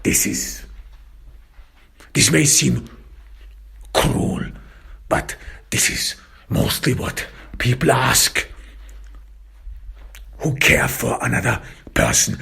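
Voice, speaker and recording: A man narrating a first-person detective story, slow, halting and reflective. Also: medium pitch, expressive, gravelly, bright, forceful tone, breathy edge.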